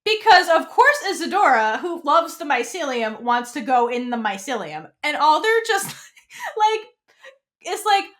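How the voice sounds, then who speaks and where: A young woman chats through a TV episode recap on her podcast, her voice rising and falling a lot as she acts out characters' lines. She sits a little high for a woman and keeps an easy, unscripted pace. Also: sing-song, moderate pace, hardly any pauses, a bit bright. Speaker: podcast co-host. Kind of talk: casual fan recap chat.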